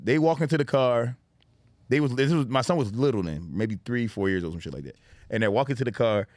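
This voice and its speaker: A man's voice: medium pitch, brisk, no echo, clean studio sound. A man in his thirties co-hosting a casual chat, telling stories with lots of swearing, laughter and voices for the people in them. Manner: animated, swears a lot, laughs often, acts out voices in stories. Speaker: podcast co-host.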